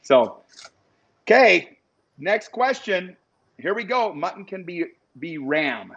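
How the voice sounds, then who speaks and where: A man with a Western American accent chats with his viewers in an upbeat, casual way while he cooks and runs trivia. His voice sits a little high, and the stream audio is dull and lo-fi. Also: very animated, slow, a bit bright, breathy edge. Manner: chatty, upbeat, addresses viewers as you guys. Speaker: host of a live cooking and trivia stream. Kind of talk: casual live-stream chat, reading viewer comments.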